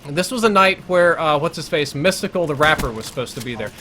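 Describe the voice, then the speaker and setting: A man's voice: on the high side, lively intonation, fast, bright, forceful tone, a little hiss or hum. A man streaming live gameplay, telling a long crude story in a rambling, self-interrupting way. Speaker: gaming streamer.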